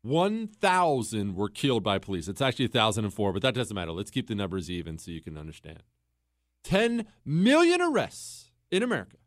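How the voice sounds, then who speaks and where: A man's voice: fairly low pitch, wildly swooping pitch, brisk, dry recording, clean studio sound. A man hosting a talk show, telling a story and arguing his point in an emphatic monologue, repeating words for stress. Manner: storytelling, mimics others in quotes, emphatic repetition. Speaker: podcast host. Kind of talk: opinionated monologue.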